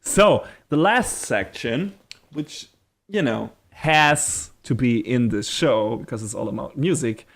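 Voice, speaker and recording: A man's voice: mid-range voice, animated, takes it slowly, creaky. A man co-hosting a podcast, chatting enthusiastically, laughing often and swearing casually. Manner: frequent fillers and restarts. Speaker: podcast co-host. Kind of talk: casual chat.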